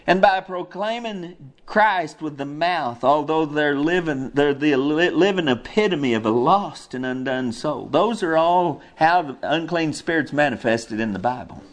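A fairly high-voiced man delivers a fervent sermon. He drops low for emphasis, then rises into loud, pleading cries. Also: lively intonation, unhurried, few pauses. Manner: impassioned, rises to high cries when quoting. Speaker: pastor.

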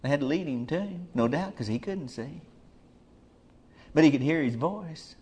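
Brief: male preacher mid-sermon, emphatic, drops soft, then rises loud and urgent. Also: a little high, expressive, moderate pace, husky. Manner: emphatic, swings between soft murmurs and loud urgent calls.

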